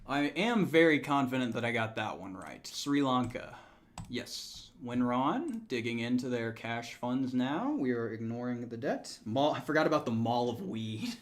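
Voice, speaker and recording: A man's voice: mid-range voice, lively intonation, normal speed. A man streaming a strategy game, joking with chat, laughing often and counting numbers aloud. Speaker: gaming streamer. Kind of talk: casual live-stream chat.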